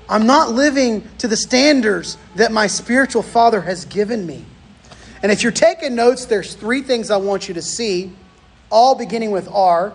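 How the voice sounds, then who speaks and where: A man preaches with a fairly high voice. He moves between folksy personal anecdotes and teaching points, animated and storytelling. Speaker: pastor. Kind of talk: sermon with personal stories.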